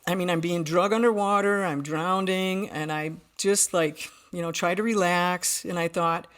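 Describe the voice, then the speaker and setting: A woman's voice: fairly low pitch, steady tone, normal speed. A woman guest on a podcast, telling a personal story in an earnest, vivid way, often restarting her sentences.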